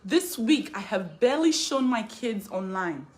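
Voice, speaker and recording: A woman speaks out as a mother in an emotional statement, hammering the same lines again and again. Her voice sits a little high and rises into loud anger. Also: big pitch swings, a little slow, a little hiss or hum. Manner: emphatic and repetitive, building to raised anger. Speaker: mother speaking out in a posted video.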